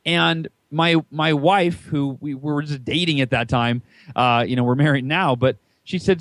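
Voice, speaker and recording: An animated American man in his thirties tells his story as a podcast guest, jumping into a higher voice whenever he acts out what someone said. His voice sits high for a man and sounds dry and close. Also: moderate pace, dry recording. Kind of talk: casual storytelling interview.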